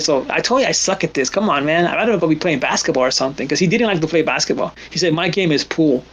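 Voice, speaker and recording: High-voiced guy telling stories on stream, acts out his buddies, kinda dull lo-fi sound. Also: fast talker, a little hiss or hum. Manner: animated, acts out friends' lines. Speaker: stream host. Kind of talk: casual storytelling.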